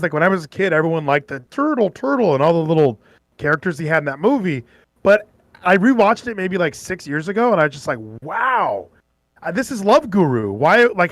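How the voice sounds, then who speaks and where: A man's voice: sits high, fairly bright tone, no room sound, clean studio sound. A man co-hosting a casual chat and giving blunt opinions. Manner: chatty, opinionated. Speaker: podcast co-host.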